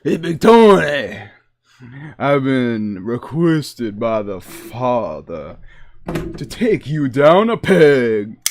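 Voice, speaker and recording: A man voicing a tough male mob enforcer who threatens slowly. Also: medium pitch, big pitch swings, a little mellow, exaggerated voice. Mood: menacing. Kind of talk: comic impression on a livestream.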